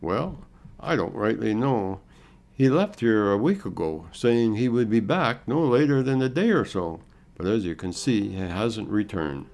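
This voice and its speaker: A man voicing a young frontier mother who speaks softly and hesitantly. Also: on the low side, lively intonation, a little slow, voice pushed up. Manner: soft, hesitant.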